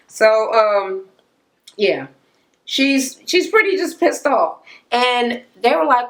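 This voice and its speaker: A woman's voice: a little high, slow. A woman ranting in a casual recap of a reality show, blunt, profane and mocking. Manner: exasperated, animated.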